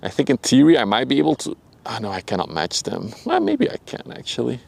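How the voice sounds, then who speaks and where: A man's voice: medium pitch, quick pace, gravelly. A young man with a Dutch accent hosting a casual livestream outdoors by a river, chatting loosely with viewers and keeping his voice down at times. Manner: relaxed, chatty, laughs often, talks to chat by name; speaks softly at times to avoid disturbing people nearby. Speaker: livestream host. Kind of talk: casual live-stream chat.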